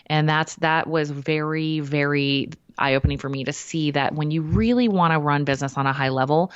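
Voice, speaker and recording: A woman, a podcast guest, telling a personal story in a lively way and acting out what people said. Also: low voice, normal speed, clear, resonant tone, no room sound, dull audio. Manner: animated storyteller who acts out quotes.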